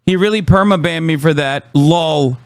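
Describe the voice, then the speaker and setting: A man's voice: a little high, normal speed, no echo. A man live-streaming, ranting about chat trolls in heated, profane, sarcastic commentary.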